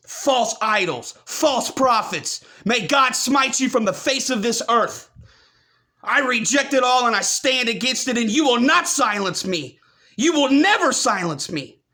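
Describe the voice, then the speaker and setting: A man delivering a furious, profane rant, often breaking into shouts. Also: extremely high pitch, lively intonation, slow pace, pauses often. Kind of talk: angry rant.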